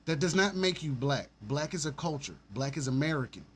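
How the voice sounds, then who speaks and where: A man's voice: on the high side, animated, brisk, slight background noise. A man from Alabama, hosting a casual livestream and talking bluntly and animatedly, with frequent swearing and laughter. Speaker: stream host.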